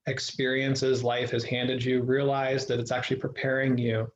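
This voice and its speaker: Earnest guy telling his story in an interview, mid pitch, roomy echo, kinda dull lo-fi sound. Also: little pitch movement, moderate pace, a little hiss or hum. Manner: earnest, reflective, with frequent restarts. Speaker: guest. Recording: echoey room, dull lo-fi sound.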